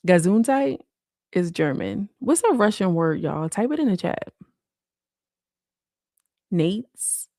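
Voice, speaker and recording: A woman's voice: fairly low pitch, very animated, takes it slowly, pauses often, warm tone, no room sound, clean studio sound. A woman hosting a casual late-night livestream, talking in slang and answering viewer comments. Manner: slangy, frequent "like" and "you know". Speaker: livestream host.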